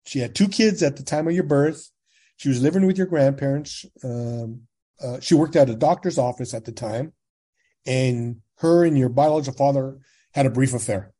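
A husky-voiced man in his sixties from California, settling into a long casual story. His voice sits on the dark, mellow side. He talks plainly and jumps into other people's voices when he quotes them. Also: medium pitch, normal speed. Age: 60s. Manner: animated storyteller, acts out quoted dialogue. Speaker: guest.

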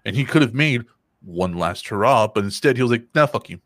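A man's voice: lowish voice, lively intonation, brisk, no echo. Dry-sounding man laughing through chat. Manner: laughing, profane, rambling. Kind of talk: casual banter.

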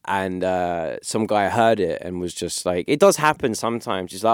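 A laid-back man telling a story casually, with a low voice and a mumbly delivery. The sound is dry and close. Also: brisk, clear, resonant tone, dry recording. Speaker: beatboxer interviewee.

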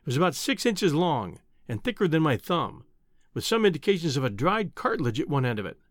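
A man reads a classic novel aloud with expressive, measured delivery. His voice sits a little high and moves through a lively melodic range. The recording is dry and close, with no room sound. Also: no echo. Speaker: audiobook narrator. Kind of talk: scripted narration.

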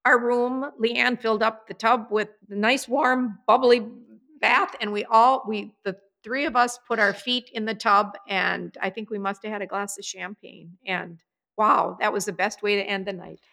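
Bright-voiced chatty mother. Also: mid-range voice, fairly even intonation, normal speed, gravelly. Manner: emotional, chatty storytelling. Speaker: podcast co-host, mother of the bride. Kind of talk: casual chat. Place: apartment.

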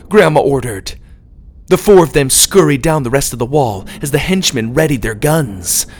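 A man narrating a children's adventure story aloud, reading expressively. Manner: expressive read-aloud with lively pitch.

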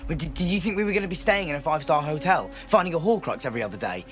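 A defensive, frustrated young hero. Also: male voice, on the high side, animated, very fast, soft background music. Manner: defensive, rising to angry shouts.

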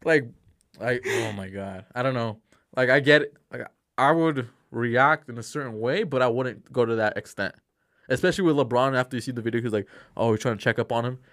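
A man's voice: medium pitch, brisk, dry recording. A young man in casual chat, ranting with slang and swearing. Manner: profane, animated ranting with slang.

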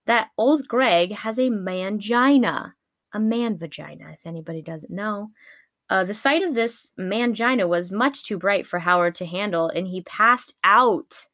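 A woman's voice: mid-range voice, normal speed, sharp tone, no echo. A woman retelling a spooky comedic legend in a casual way, with wry asides and many fillers. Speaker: podcast storyteller.

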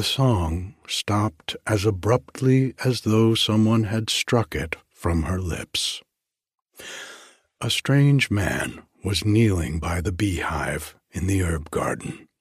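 A man narrating an audiobook in a measured, expressive storytelling manner. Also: fairly low pitch, slightly rough, no room sound, studio quality.

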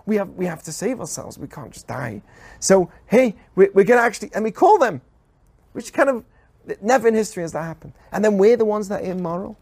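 A rabbi with a notably high voice teaches the weekly Torah portion on a podcast. He speaks in an animated way and keeps throwing rhetorical questions at his listeners. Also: brisk.

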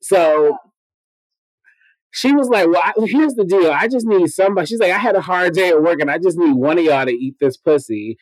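A man telling a story on a casual podcast, profane and animated, acting out every quoted line of dialogue. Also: sits high, a little fast, no room sound, rough recording.

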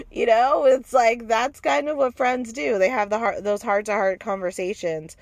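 Woman host, higher voice, dry close sound, blunt and profane show recap. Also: normal speed, few pauses, no echo. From outside the American South. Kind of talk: casual chat.

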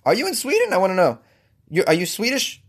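A man's voice: high voice, wildly swooping pitch, quick pace, breathy edge. A man hosting a comedy podcast, riffing in a jokey, rambling way with self-mocking asides. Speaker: podcast host. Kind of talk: casual comedic monologue.

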